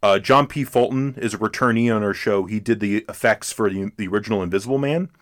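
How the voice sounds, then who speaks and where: A man's voice: fairly low pitch, quick pace. A man hosting a casual film podcast, rambling with many restarts and fillers and laughing often. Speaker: podcast host. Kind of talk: casual chat.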